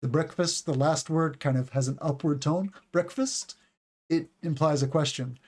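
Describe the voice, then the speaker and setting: A man's voice: a little high, steady tone, moderate pace, darkish tone. A man in his forties, an English teacher giving a casual livestream lesson, chatty and rambling, stretching out words to show stress and intonation. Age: 40s.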